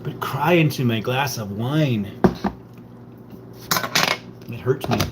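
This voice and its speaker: Casual male stream host, mid-pitched voice, playful and teasing, loose rambling delivery. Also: slow pace, very noisy. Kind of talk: casual chat with viewers.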